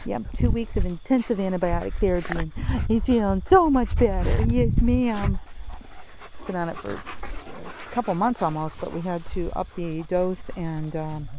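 A woman who owns several dogs, chatting casually outdoors on a windy, chilly day. She switches between coaxing baby talk and sharp commands. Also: on the low side, a little slow. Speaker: dog owner. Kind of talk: casual vlog chat.

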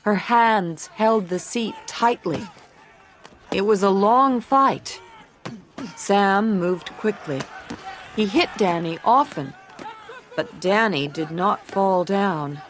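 A woman narrating a graded English story for learners, reading in a slow, clear and deliberate way. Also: mid-range voice.

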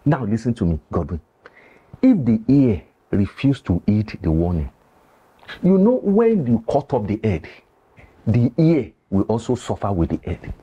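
Brief: a grave older Nigerian village elder, husky, low and unhurried, pleading in proverbs. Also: male voice, very animated, lo-fi sound, exaggerated voice. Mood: solemn. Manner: slow, pleading, speaks in proverbs.

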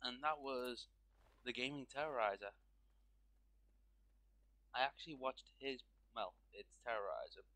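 A man's voice: mid-range voice, a little slow, pauses often, sharp tone, no echo. A man giving casual, rambling commentary while playing a video game, often restarting his sentences and leaning on fillers. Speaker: gaming YouTuber.

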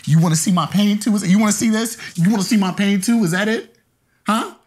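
An actor playing a hurt ex-fiancé who swings from low, quiet words to cracking shouts. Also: male voice, fast talker, lightly acted. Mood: heated, wounded. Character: hurt ex-fiancé, proud and wounded. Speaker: jilted ex-fiancé. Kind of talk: romantic drama acting.

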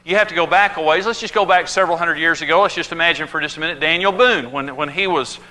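A man's voice: on the high side, fast. A man teaching on marriage with humor, telling stories and acting out the people in them. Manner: animated storytelling, acting out quoted voices.

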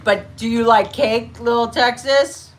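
A woman's voice: fairly high pitch, fairly even intonation, a little slow. A woman hosting a casual eating livestream, chatting and giggling with viewers and a friend. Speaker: mukbang livestream host.

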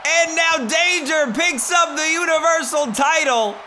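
A man plays a fired-up wrestling play-by-play announcer who yells every move at the top of his lungs, his voice pushed high and bright. He swoops up and down with big animated energy. A faint hiss sits under the recording. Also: measured pace, exaggerated voice. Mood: hyped. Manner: shouting excited ringside calls.

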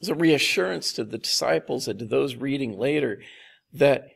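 A pastor delivers a sermon in a relaxed, conversational way, and his voice carries a noticeable gravelly edge. His pitch sits in the middle range for a man, and he slows down to repeat key phrases with deliberate emphasis. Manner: conversational, with slow, emphatic repetition.

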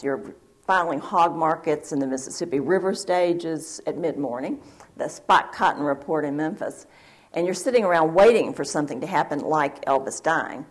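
A woman speaks on a panel at a university event. Her voice sits low, and she tells her story in a lively way, acting out each quote. She speaks into a mic at the event. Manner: lively anecdotal telling, acts out quotes. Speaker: panel speaker, former wire reporter.

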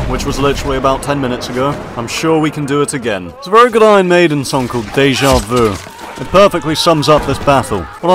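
A man giving in-character gameplay commentary, with mock-pompous officer-style banter. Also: a little high. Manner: mock-pompous upper-class officer banter, laughs at own jokes. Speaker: gaming video creator. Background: faint background music.

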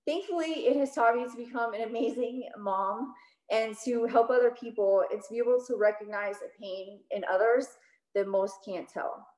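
Woman, personal storyteller, slightly high pitch, emotional, roomy echo. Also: a little mellow. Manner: emotional, quick with many "like"s. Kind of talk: personal story told on stage.

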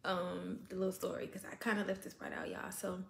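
Woman vlogger, high and sharp-toned, animated profane storyteller, roomy echo. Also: a little fast, vocal fry. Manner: animated, profane, talks straight to viewers. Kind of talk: casual storytime vlog.

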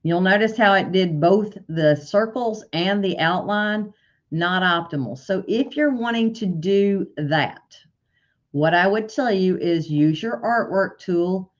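A woman walking through embroidery software step by step in a tutorial, stopping now and then to correct herself. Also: medium pitch, takes it slowly. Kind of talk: screen-share software tutorial. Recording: dull lo-fi sound.

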